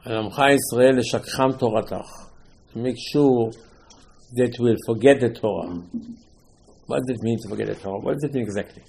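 A man teaching a religious lecture in an animated way, asking many rhetorical questions and restarting phrases as he builds a point. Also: medium pitch, normal speed, creaky, long pauses, husky, low-quality recording. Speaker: Torah teacher.

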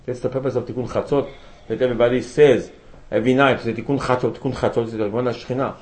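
This rabbi's Torah class comes across in a medium-pitched, slightly mellow voice with a steady tone and quick pace. He lectures with rhetorical questions and stresses his quotations from Hebrew sources. The audio is poor.

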